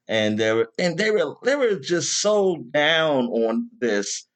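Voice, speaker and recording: A man hosting a podcast in casual chat, rambling with lots of fillers and bursting into loud exasperation. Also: on the high side, takes it slowly, few pauses. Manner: rambling, animated, with many fillers. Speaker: podcast host.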